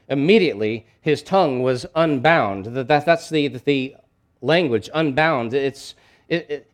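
A male pastor preaches a sermon in a middle-pitched voice. He keeps it conversational and emphatic, breaking off with asides and frequent restarts as he builds his points.

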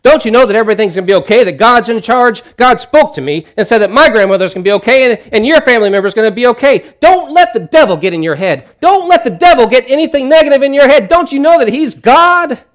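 A man voicing a loud, insistent woman who assures a stranger that God is in charge. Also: very high-pitched, expressive, fast, hardly any pauses, pitched above the performer's own voice. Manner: loud and obnoxious.

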